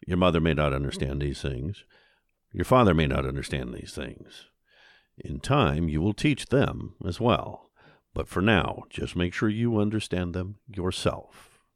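A man reading the lines of a commanding male youth-group leader, in a measured, lecturing way. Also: low voice, no room sound, studio quality. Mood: admonishing.

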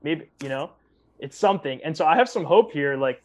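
A man's voice: a little high, animated, fairly quick, a little mellow. A man in casual conversation who rambles and acts out quoted exchanges as he tells stories. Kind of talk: casual chat. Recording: dull lo-fi sound.

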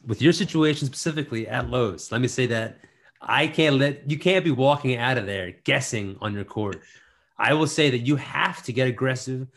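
A man's voice: mid-range voice, normal speed. A man with a mid-range voice co-hosts a podcast and keeps things playful. He tosses out puns and repeats phrases as running jokes. His delivery stays loose and conversational. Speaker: podcast co-host. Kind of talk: casual chat.

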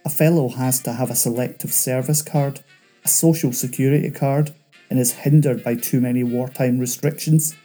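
A man voicing a chatty male escaped convict who talks fast and nervously. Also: medium pitch, fairly even intonation, warm tone, faint music behind, lightly acted.

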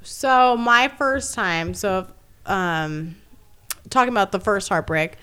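A woman co-hosting a casual podcast chat, an animated storyteller who laughs often and swears freely. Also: mid-range voice, takes it slowly, clean tone. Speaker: podcast co-host.

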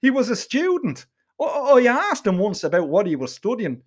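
Lively, foul-mouthed Dublin man telling a tale. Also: high voice, moderate pace. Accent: Dublin Irish. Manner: crude, swearing, lively. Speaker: narrator. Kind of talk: comic storytelling in character.

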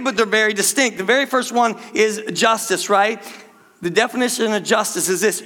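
Older guy pastor, playful chatty sermon, high tenor voice, lots of reverb. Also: pushed and bright. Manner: conversational, playful preaching with quick asides. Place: church sanctuary.

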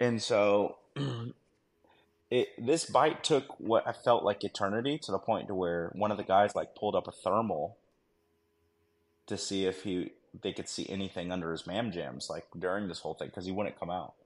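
A man's voice: sits low, normal speed. A man, a former army dog handler, telling a war story on a podcast in a casual, slangy way full of fillers and "right?". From United States.

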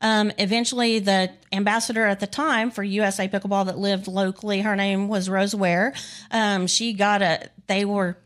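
A woman's voice: medium pitch, flat delivery, normal speed. Chatty woman in her 50s from texas, laughs a lot, pokes fun at herself, guest on a talk show. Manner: chatty, laughs often, self-teasing. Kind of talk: casual interview chat.

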